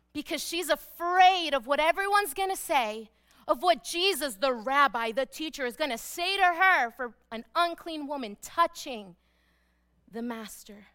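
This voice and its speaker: A woman pastor preaching a sermon, emphatic, repeating key phrases and dropping to a hush for weight. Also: sits high, lively intonation, a little slow.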